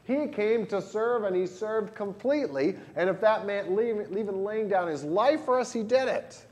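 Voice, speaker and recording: A pastor with a Southern Illinois accent, leading a lively catechism lesson for children and adults and quizzing the class. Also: male voice, sits high, moderate pace. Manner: animated, asks the class questions.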